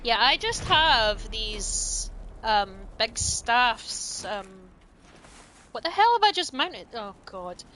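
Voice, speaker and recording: A woman's voice: fairly high pitch, very animated, takes it slowly, bright, forceful tone, a little hiss or hum. A woman streaming a video game, chatting playfully and breaking into squeals and giggles.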